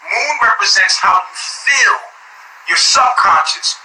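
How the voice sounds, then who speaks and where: High-voiced man giving a street-smart astrology reading. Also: a little fast, sharp tone. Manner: streetwise, profane, lecturing. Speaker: astrology reader. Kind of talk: casual one-on-one reading. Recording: noisy background hiss.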